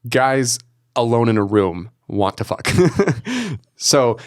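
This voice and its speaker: A man's voice: mid-range voice, slow pace, no room sound, studio quality. A young man co-hosting a podcast in casual chat, telling crude stories between laughs. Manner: crude, laughing, animated storytelling. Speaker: podcast co-host.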